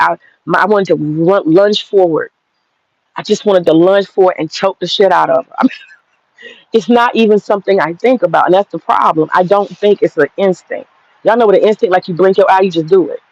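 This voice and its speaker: A woman's voice: on the low side, darkish tone, no echo, lo-fi sound. A woman in her forties telling a personal story straight to viewers, blunt and profane, laughing through it. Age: 40s. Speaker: vlogger.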